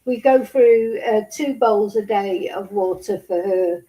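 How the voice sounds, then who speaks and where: Taking it slowly, a woman reads a news story aloud on her vlog, pausing for hesitant personal asides and becoming upset. Her medium-pitched voice is soft-spoken and chatty, with many fillers. The recording is low quality.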